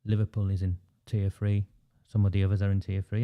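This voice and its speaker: A Northern English man hosts a livestream, delivering an impassioned monologue that is emphatic, indignant and repetitive. His low voice stays monotone and warm, moving a little fast with hardly any pauses.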